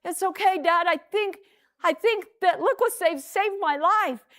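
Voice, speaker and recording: A woman voicing an excited, cheeky young boy in a children's story. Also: very high voice, a little slow, pitched above the performer's own voice. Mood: eager. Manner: eager and boyish.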